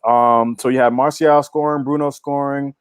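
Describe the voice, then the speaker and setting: A man's voice: mid-range voice, steady tone, normal speed, smooth, no room sound. A man co-hosting a casual sports podcast, recapping scores in a laid-back way with lots of fillers. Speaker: podcast co-host.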